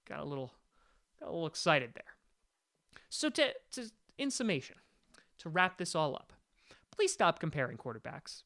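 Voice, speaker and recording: High, bright-voiced man ranting about sports. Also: very animated, normal speed, gravelly, long pauses. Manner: exasperated, emphatic ranting. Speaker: sports podcast host. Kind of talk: opinionated sports rant.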